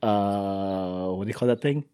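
A man's voice: on the low side, unhurried, mellow, clear, resonant tone. A man hosting a casual podcast chat, joking and laughing a lot, often restarting his sentences. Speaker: podcast host. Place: recorded in Halifax, Canada.

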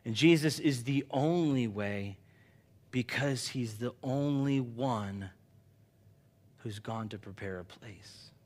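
A man preaching a sermon in an animated, conversational way, dropping quiet for emphasis. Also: medium pitch, takes it slowly. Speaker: pastor.

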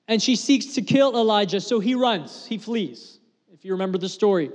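A man preaching a sermon as pastor, earnest and conversational, dropping to a hush for emphasis. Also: sits high, long reverb tail. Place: church sanctuary.

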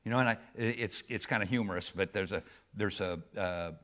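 A middle-aged man preaching a sermon as pastor, with frequent restarts, moving between loud emphatic peaks and quiet low asides. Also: fairly quick. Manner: frequent restarts and repeated words.

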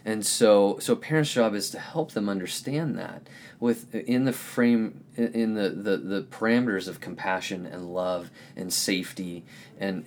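A man hosting a podcast, giving a reflective spiritual teaching in an earnest, gentle, searching way. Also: deep voice, slight background noise. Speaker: podcast host.

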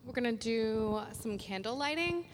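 A woman's voice: fairly high pitch, lively intonation, normal speed, a little hiss or hum. A woman with a cold telling a personal story at a church service, chatty and self-deprecating, with ums. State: has a cold. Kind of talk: storytelling sermon. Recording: long echo of a hall.

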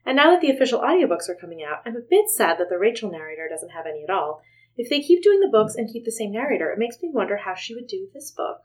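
A woman's voice: medium pitch, very animated, quick pace, a little mellow. A woman co-hosting a podcast in casual, playful chat, laughing often. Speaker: podcast co-host.

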